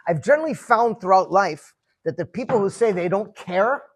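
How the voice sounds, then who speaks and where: Leading a farbrengen for a group gathered in a room, this fifties-aged man speaks at a normal pace with a high voice and lively intonation. His style is chatty and story-driven, and he tends to repeat words when starting sentences.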